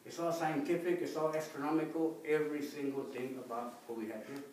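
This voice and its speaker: A man's voice: a little high, flat delivery, a little fast, a little mellow. Man, folksy, repeats "you know", leads chants, distant mic, echoey room, faint noise. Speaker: speaker teaching Aztec calendar names. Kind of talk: talk with call-and-response chanting. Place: record shop event space.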